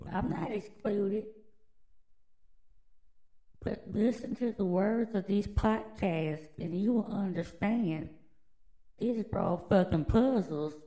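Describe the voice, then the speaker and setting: A woman's voice: mid-range voice, mellow, rough recording. A woman hosting a podcast alone, delivering a crude, rambling, mock-conspiratorial monologue full of swearing. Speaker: podcast host.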